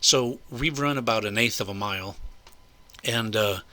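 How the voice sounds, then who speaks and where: A man's voice: fairly low pitch, moderate pace, very noisy. An older man telling a story in a casual, rambling way, indignant and full of asides. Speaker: vlogger recounting a personal incident.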